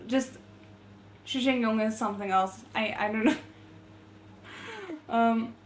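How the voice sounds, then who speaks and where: A woman's voice: fairly high pitch, fairly even intonation, takes it slowly, slight background noise, low-quality recording. Woman reading a novel aloud with asides. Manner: reads aloud with laughing off-script asides and self-corrections. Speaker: novel readalong host. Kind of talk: casual novel readalong with asides.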